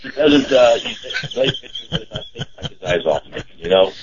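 A man co-hosting a casual radio show. He talks in a halting, chatty way with many fillers. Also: medium pitch, huge pitch swings, noisy background. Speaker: radio co-host and car dealer. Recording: dull lo-fi radio broadcast.

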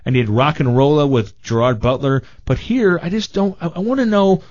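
Man, film critic, radio banter, animated, dull lo-fi sound. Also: fairly high pitch, a little fast. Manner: animated, mock-quotes people.

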